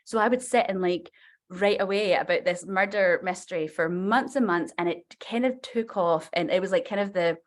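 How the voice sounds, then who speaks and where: A woman in her forties, a novelist guest on a podcast, telling a story in a chatty, animated way full of fillers. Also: medium pitch, normal speed. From Scotland.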